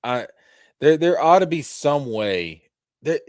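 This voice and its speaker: A man's voice: a little high, big pitch swings, slow pace, dry recording, studio quality. A man co-hosting a casual podcast chat, ranting in a fired-up, profane way. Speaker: podcast co-host.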